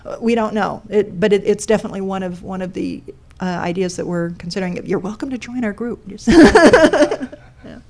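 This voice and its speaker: In a lecture room full of people, a woman presents on a code sculpture, explaining and putting questions to the audience. Her mid-range voice moves at a normal speed and is a little mellow.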